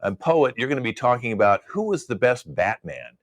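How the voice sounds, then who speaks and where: A man's voice: medium pitch, big pitch swings, fairly quick. A man hosting an online improv comedy show, casually explaining the games to the players. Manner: easygoing, explains game rules. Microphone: video call.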